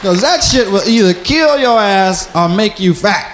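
A man's voice: sits high, animated, unhurried, a crowd in the background, background noise. A man doing a stand-up comedy routine, telling stories in a loose, profane way and slipping into voices of himself. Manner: slips into mimicked voices of himself.

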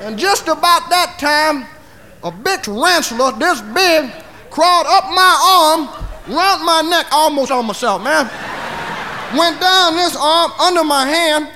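High-voiced man telling a bawdy tale. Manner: bawdy, drawling, keeps adding "see?". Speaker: comedian. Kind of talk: stand-up storytelling. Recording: live comedy record with audience laughter and noise.

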